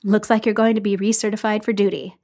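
A calm, dry-humored man, read by a woman in her own voice, steady and measured. He speaks in even, understated phrases with a quiet fondness underneath. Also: mid-range voice, lightly acted.

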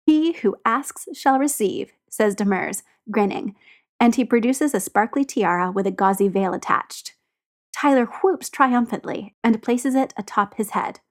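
A woman narrating a story aloud in a steady, expressive reading. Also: medium pitch, normal speed. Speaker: audiobook narrator.

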